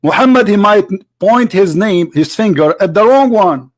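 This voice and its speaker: A man's voice: high-pitched, animated, normal speed. Argumentative man narrating over a debate clip. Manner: mocking, argumentative, repeats himself. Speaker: online debate host. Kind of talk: commentary over a debate video.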